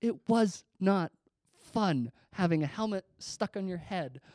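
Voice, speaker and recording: A man's voice: high voice, expressive, unhurried, darkish tone, no room sound, clean studio sound. A young man giving a casual storytelling sermon, rambling and self-deprecating, with lots of fillers and restarts. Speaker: preacher.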